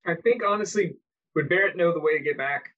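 A man's voice: fairly high pitch, brisk, phone-quality sound. A man playing his character in a tabletop game, hesitant and stammering. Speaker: player.

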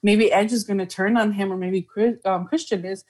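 A woman with a mid-range voice chatting as a podcast co-host. She talks in an excited, emotional way and laughs often. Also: medium pitch, moderate pace. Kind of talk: casual chat.

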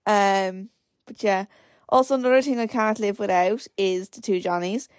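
Speaking at normal speed with a medium pitch and fairly even intonation, this nineteen-year-old Irish podcast host rambles through a casual solo chat, dropping "like" constantly. The studio sound is clean, with no room sound.

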